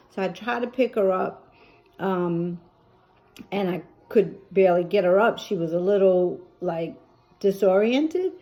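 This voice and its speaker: A woman's voice: lowish voice, mellow. A middle-aged woman vlogging about caring for a family member, telling the story in an emotional, chatty way with many fillers. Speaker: caregiver vlogger. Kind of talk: personal storytelling.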